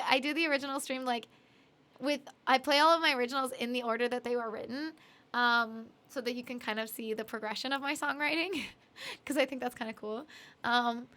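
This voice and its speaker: Casually chatting with her viewers on a live stream, a young singer-songwriter and streamer from Canada speaks in a high voice with a bit of brightness. Her manner is giggly and apologetic, full of fillers.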